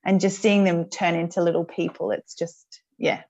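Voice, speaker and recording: English woman guest, low gravelly voice, chatty and warm, muffled lo-fi sound. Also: little pitch movement, moderate pace. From England. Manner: chatty and warm, with fillers like "you know" and "like". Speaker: podcast guest, mother of two young boys. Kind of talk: casual conversation.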